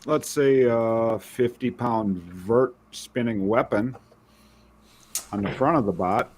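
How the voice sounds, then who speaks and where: A man speaking deliberately and plainly about robot builds. His pitch is average for a man. A faint hiss sits under the voice. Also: darkish tone. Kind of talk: casual chat.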